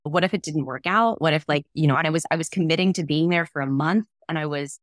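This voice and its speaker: Young female co-host, earnest and emotional, lowish pitch, dry close mic. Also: quick pace, no echo. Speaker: podcast co-host. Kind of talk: casual chat.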